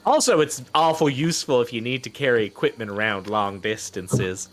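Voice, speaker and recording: A man's voice: mid-range voice, a bit bright. A man voicing a chatty, folksy male halfling with a Southern accent who rambles and fills his talk with fillers.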